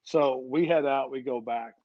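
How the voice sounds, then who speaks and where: A middle-aged man, a head coach, telling stories on a podcast at a mid pitch. He talks casually and keeps restarting his sentences with repeated words. The audio sounds muffled and dry. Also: normal speed, dry recording. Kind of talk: conversational storytelling.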